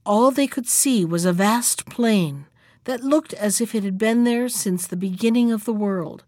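A woman storyteller reading a fairy tale aloud in an expressive, measured way. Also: medium pitch, dry recording, clean studio sound.

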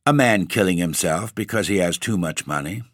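A man's voice: low voice, normal speed, fairly bright tone, no echo, studio quality. A man voicing a weary, moody male baron who answers bluntly and stubbornly. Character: weary male baron, moody nobleman given to sudden laughter.

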